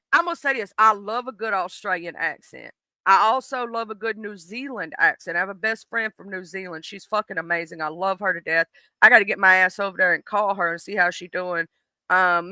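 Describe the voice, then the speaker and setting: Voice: mid-range voice, smooth, dry recording, rough recording. A streamer in their late thirties, chatting casually and animatedly with a live audience, swearing freely. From southern United States. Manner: animated, profane, talks straight to the chat.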